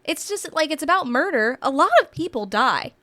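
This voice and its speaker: A woman's voice: sits high, expressive, moderate pace, bright, forceful tone, dry recording. A young woman with a Chesapeake Bay accent co-hosting a pop culture podcast, talking animatedly with many fillers and a slight Southern twang. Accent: Chesapeake Bay region. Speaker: podcast co-host. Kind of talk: casual pop culture chat.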